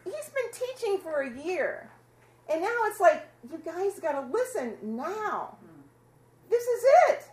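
A woman teaches scripture to her small fellowship in a relaxed, chatty way. Her voice sits high, and she often breaks into laughter with the group. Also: slow. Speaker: Bible study leader.

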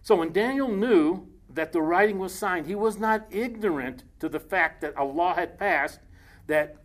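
A man preaching a casual sermon, reading scripture aloud slowly and breaking off into joking asides. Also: high-pitched.

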